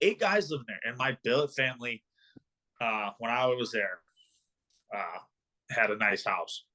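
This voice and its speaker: This medium-pitched male voice is expressive and unhurried, sounding pushed and bright. He's a hockey pro in his twenties on a casual podcast, wandering through anecdotes stuffed with ums and likes.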